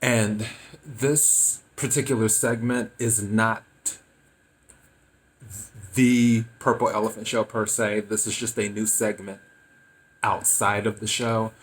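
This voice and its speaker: A man's voice: on the low side, slow, low-quality recording. A man hosting his own podcast, just woken up and giving casual, opinionated political commentary. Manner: relaxed, freshly woken, opinionated. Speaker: podcast host.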